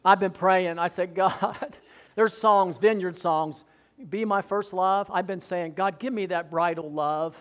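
High-voiced male preacher, fervent sermon delivery, loud exhortations broken by soft asides. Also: unhurried.

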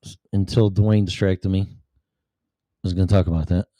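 A man's voice: low voice, steady tone, normal speed, mellow, no room sound. A man hosting a casual podcast, talking in a rambling, profane way while fiddling with his audio gear. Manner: profane, rambling, distracted by equipment. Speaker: podcast host. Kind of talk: casual chat.

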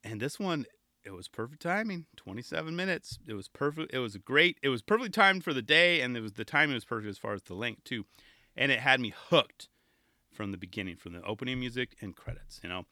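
A man hosts a casual solo podcast in a medium-pitched, animated voice, talking briskly with a pushed, bright edge. He rambles enthusiastically and keeps interrupting himself to restart sentences. The studio-quality recording has no echo.

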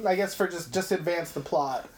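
A man's voice: high voice, normal speed. A young man co-hosting a casual film podcast, rambling through a movie recap with lots of swearing. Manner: rambling, profane, animated storytelling. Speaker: podcast host.

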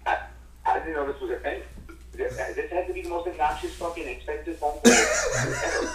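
A man calling into a comedy podcast, loud and incredulous, swearing freely in crude banter. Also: on the high side, wildly swooping pitch, brisk, echoey room, distant mic, a little hiss or hum, rough recording. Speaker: phone-in caller. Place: outdoors.

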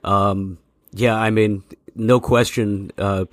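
A man with a fairly low voice interviews a guest, mostly offering short, attentive responses and the odd brief remark. His voice is recorded dry and close, with little sense of the room. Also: fairly even intonation, slow, no echo.

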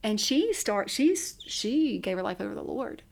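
A woman's voice: medium pitch, very animated, normal speed, creaky. A woman telling a personal story in casual conversation, chatty and laughing often. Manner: chatty, laughs often, acts out her own past words. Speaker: podcast guest.

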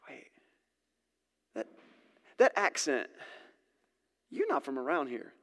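A man's voice: fairly high pitch, big pitch swings, a little slow, pauses often, fairly bright tone, long reverb tail. A man preaching a sermon in a conversational, storytelling way with casual asides. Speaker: pastor.

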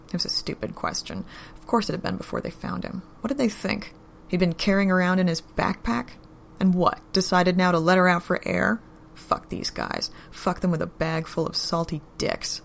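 A woman narrating a story in a steady, unhurried audiobook-style reading. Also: on the low side, gravelly, a little hiss or hum.

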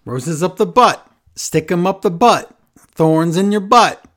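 A man co-hosting an easygoing chat show. His voice sits a little high, and he teases and corrects his partner in a relaxed, bantering tone. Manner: teasing, quick to correct. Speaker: podcast co-host. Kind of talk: casual chat.

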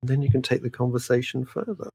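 A man's voice: mid-range voice, fast talker, vocal fry, breathy edge, no room sound. A man, a veteran broadcaster talking as a guest in a podcast interview, emphatic and full of asides. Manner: animated, emphatic, frequent laughs and asides.

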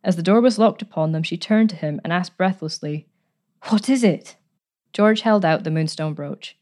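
A woman narrating a story aloud in a measured, even way. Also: lowish voice.

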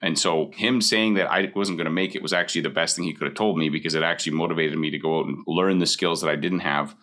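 A man in his forties with a very low voice talks quickly in a candid, conversational way. His tone is bright and forceful, and he repeats his points for emphasis. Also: steady tone. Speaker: mortgage broker. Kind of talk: casual advice talk.

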